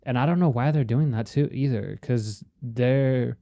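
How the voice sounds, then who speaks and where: A man co-hosting a podcast, talking in a relaxed, matter-of-fact way and swearing casually. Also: medium pitch, unhurried, gravelly, no echo. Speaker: podcast co-host. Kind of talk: casual chat.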